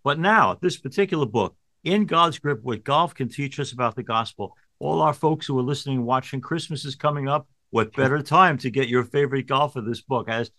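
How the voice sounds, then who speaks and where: A man's voice: mid-range voice, brisk, hardly any pauses, no echo. A man hosting a talk show, gracious and easy to laugh as he thanks his guest. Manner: warm, gracious, laughs easily. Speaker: host, priest.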